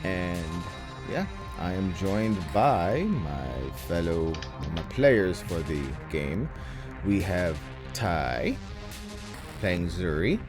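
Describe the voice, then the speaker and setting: A man's voice: low voice, very animated, very slow, over music. A man acting as game master on a casual streamed tabletop session, chatty and rambling, teasing his players, speaking into a headset.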